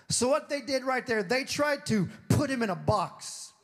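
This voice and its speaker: A male pastor preaching a sermon in a conversational way. He drops low and quiet to read scripture, then climbs high and emphatic, often acting out other people's voices. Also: animated, a little slow. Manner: swings between low, hushed reading and high, emphatic stretches.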